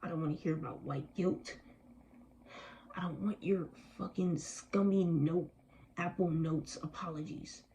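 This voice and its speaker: A woman's voice: lowish voice, steady tone, a little slow, creaky, dark tone, slight background noise, low-quality recording. A young adult woman vlogging with anger and weariness, speaking emphatically with strong language. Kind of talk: impassioned personal vlog.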